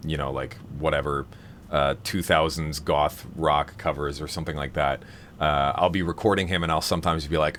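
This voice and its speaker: A man with a very low voice talks casually on a live stream, wandering through his thoughts with plenty of fillers and restarts. A faint hiss of noise sits under his voice. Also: fairly even intonation, normal speed, a bit bright. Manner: rambling, many fillers and restarts. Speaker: streamer hosting a vocal seminar.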